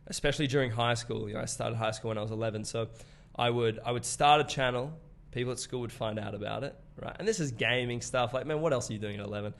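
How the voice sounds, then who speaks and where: A man's voice: mid-range voice, fast, creaky. A man in his twenties with an Australian accent, a podcast guest telling stories in casual conversation, swearing freely and laughing often. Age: 20s.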